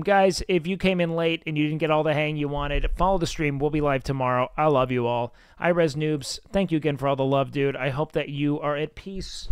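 A young man chatting casually on a game stream, rambling and swearing, with sudden excited outbursts. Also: fairly high pitch, smooth, no echo. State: sleepy. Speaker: livestreamer. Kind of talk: casual gaming stream chat.

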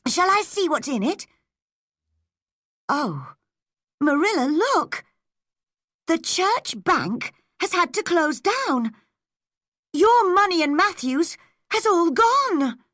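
A woman doing an eager, excitable teenage girl. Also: a little high, a little slow, no echo, studio quality, pitched above the performer's own voice, full character voice. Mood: excited. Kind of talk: storybook reading.

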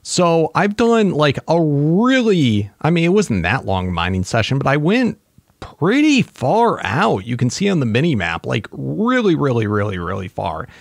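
A man hosting a casual let's-play, commenting excitedly to himself as he plays. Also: fairly high pitch, unhurried, vocal fry, dry recording, studio quality. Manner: excitable, talks to himself while playing. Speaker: gaming channel host.

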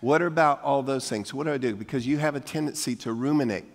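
A man's voice: medium pitch, fast talker. An older man preaching a sermon as pastor, folksy and coaxing the congregation to repeat lines after him. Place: church sanctuary. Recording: long hall reverb from a church sanctuary.

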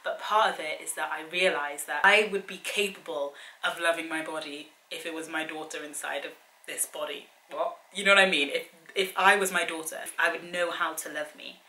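A woman's voice: low-pitched, fairly even intonation, normal speed, pushed and bright. A young woman giving a casual, earnest motivational talk to her viewers, chatty and full of direct challenges. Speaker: fitness and wellbeing vlogger. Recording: echoey room, faint background hiss.

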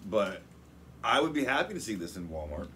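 A man's voice: on the low side, big pitch swings, a little fast, sharp tone, slight background noise. A man hosting a casual snack review, talking in a jokey, upbeat way. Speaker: channel host.

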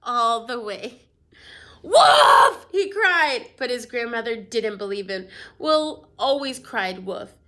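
A woman's voice: on the high side, unhurried, few pauses, a bit bright. A young adult woman teacher reading a storybook aloud to her class, playful and full of asides.

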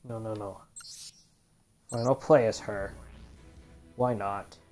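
Slow-talking gamer guy muttering. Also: on the low side, steady tone, darkish tone, faint music behind. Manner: casual, swears and mutters at the game. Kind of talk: let's play commentary.

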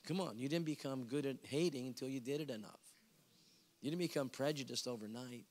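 Preaching man in a reverberant hall. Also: brisk. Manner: animated storytelling, jumping to squeaky quoted voices. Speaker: evangelist. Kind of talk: revival sermon. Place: large church hall.

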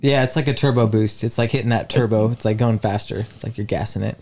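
A man's voice: fairly low pitch, steady tone, fast talker, mellow. A man co-hosting a podcast in casual chat, offhand and easygoing. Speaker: podcast co-host.

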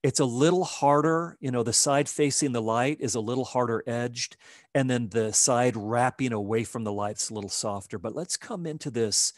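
A man teaching a live digital painting demo, explaining his steps in a relaxed way as he works. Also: mid-range voice, no room sound, clean studio sound. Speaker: art instructor.

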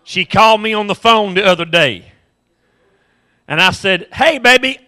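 A man's voice: high voice, moderate pace, sharp tone. A male pastor preaching a sermon with impassioned repetition and humorous storytelling.

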